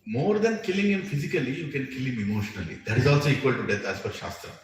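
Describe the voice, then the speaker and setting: A man's voice: mid-range voice, lively intonation, fast talker. A man with an Indian English accent telling a scripture story as a lecture, acting out the characters' voices and laughing often. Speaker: spiritual teacher telling scripture stories. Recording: roomy distant mic with faint ambience.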